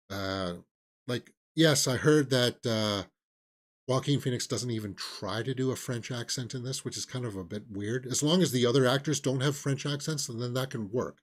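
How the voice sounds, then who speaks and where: A man hosting a casual movie news stream, rambling and opinionated, with lots of fillers and restarts. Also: mid-range voice. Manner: sarcastic, mocking impressions of celebrities. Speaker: movie news show host. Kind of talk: casual live-stream chat.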